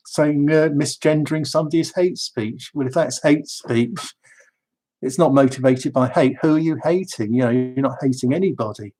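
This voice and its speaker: Man, opinionated monologue, mellow husky tone, emphatic with stumbling restarts. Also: medium pitch. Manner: emphatic, repeats words as he starts phrases. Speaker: therapist giving his views.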